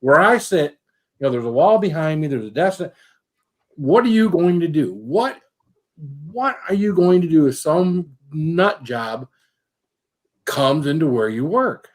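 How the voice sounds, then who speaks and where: A man's voice: fairly high pitch, sing-song, measured pace. A man chatting casually and telling a story from his past, with many fillers. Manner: rambling, many fillers, tells stories from work. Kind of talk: casual chat.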